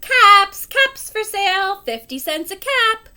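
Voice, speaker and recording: An angry male cap peddler from a children's picture book, voiced by a woman reading aloud. He scolds loudly and wags his finger, his voice high and bright. The scolding swings through a lively range. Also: takes it slowly, full character voice. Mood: calling out. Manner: scolding, rising to shouting.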